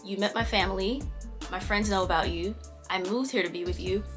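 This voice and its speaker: A woman's voice: medium pitch, fairly quick. Woman vlogger rambling through a storytime, laughs a lot, little bit of music under it. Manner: chatty, laughs often, voices quoted people. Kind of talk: casual storytime chat.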